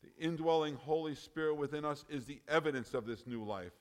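A man preaching a sermon, emphatic, often rising in loudness and then dropping low. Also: a little fast.

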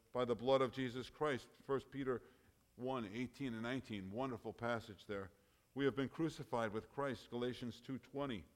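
Male preacher, sermon delivery, emphatic, swings from loud to quiet. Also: medium pitch. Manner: emphatic, rising and dropping in loudness.

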